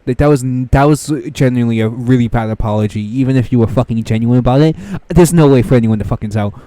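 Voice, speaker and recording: A man's voice: mid-range voice, fast, hardly any pauses, mellow. A young man giving profane, exasperated reaction commentary, ranting and mocking what he reads aloud. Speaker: commentary streamer.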